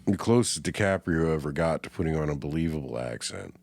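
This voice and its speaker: A man's voice: extremely low pitch, lively intonation, a little fast, creaky, a little mellow. A man co-hosting a casual movie chat, swearing freely and laughing often. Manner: profane, laid-back, laughs often. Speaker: podcast co-host.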